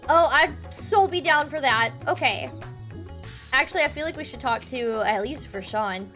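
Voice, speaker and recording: A young woman streaming a game, chatting casually in an excitable, gushing way. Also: sits high, normal speed, faint music behind. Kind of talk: casual live-stream chat.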